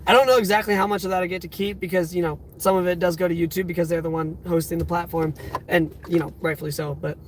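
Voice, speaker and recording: A young man in his twenties talks to his live-stream viewers from inside a car, his voice pitched high for a man. He sounds overwhelmed and close to tears, and he keeps repeating exclamations. A faint hum of noise sits behind him. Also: flat delivery, fast talker. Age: 20s. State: teary, near crying. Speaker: livestream host. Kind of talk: casual live-stream chat.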